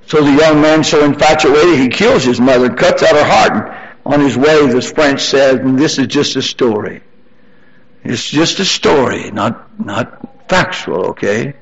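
An older man preaching a sermon, repeating his phrases as he presses his congregation, then dropping into quieter storytelling. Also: measured pace, husky, highs cut off. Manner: rising to high-pitched emphatic exhortation, then softer storytelling.

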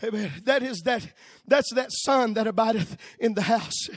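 A male pastor preaching a sermon, telling a story and building to shouted calls punctuated with "uh". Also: extremely high pitch, normal speed, no room sound, clean studio sound.

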